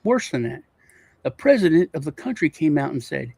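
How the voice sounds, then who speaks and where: A man with a gravelly, fry-heavy voice rambles through casual chat, stumbling over restarts and repeating himself. He was recorded close and dry, with no room sound. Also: on the high side, sing-song, moderate pace, mellow, no echo. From Europe. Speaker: co-host.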